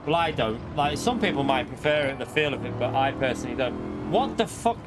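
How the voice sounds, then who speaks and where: A man's voice: mid-range voice, brisk. A man in his thirties commentating casually on his racing game live stream, often repeating and exclaiming. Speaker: gaming streamer. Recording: noisy background with car sounds.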